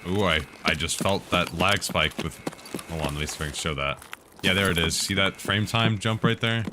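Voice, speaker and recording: A man with an extremely low voice talks casually over his gameplay, answering viewers' tech questions as he plays. Clear background noise and clicking sounds run behind his voice the whole time. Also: moderate pace. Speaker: game streamer answering chat. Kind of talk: casual live-stream commentary.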